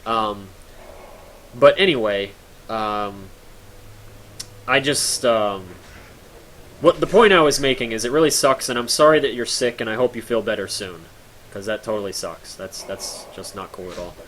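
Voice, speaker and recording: A man's voice: lowish voice, moderate pace, long pauses, fairly bright tone, a little hiss or hum, poor audio. A man streaming live, chatting casually to his viewers, a little tired, rambling through stories with lots of fillers and restarts and chuckling often.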